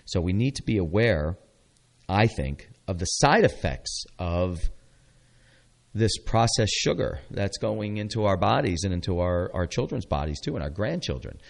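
A man's voice: low-pitched, very animated, normal speed, vocal fry. A middle-aged man hosting a local radio show, chatting casually and rambling with many fillers. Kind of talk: casual chat.

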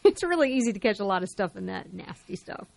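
A woman's voice: mid-range voice, big pitch swings, quick pace, gravelly, darkish tone. A woman co-hosting a radio health show, chatty and teasing, laughing often. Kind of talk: casual radio chat.

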